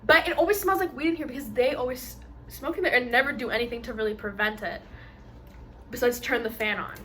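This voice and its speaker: A young woman with a bright, sharp, somewhat high voice tells a story in relaxed mukbang chat. She talks in an animated way, full of "like", and slips into voices when she quotes people. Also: quick pace, slight background noise. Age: young adult. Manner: animated storyteller, acts out quotes, many fillers. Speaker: co-host telling a story.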